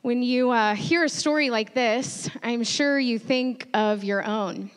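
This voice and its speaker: A woman in her thirties preaching a sermon, telling a personal story earnestly and growing quietly emotional at times. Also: a little high, slow. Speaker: pastor. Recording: long reverb of a large hall.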